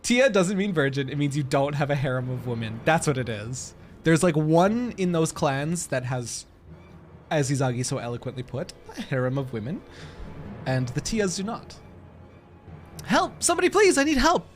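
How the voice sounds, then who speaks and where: Giggly, animated male streamer. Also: mid-range voice, moderate pace, faint music behind. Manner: giggly, rambling, chats to viewers. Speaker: game streamer. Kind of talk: casual live-stream chat while gaming.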